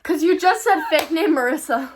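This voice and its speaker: A woman's voice: high voice, moderate pace, a little hiss or hum. Blunt, jokey young woman co-host. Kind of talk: casual chat.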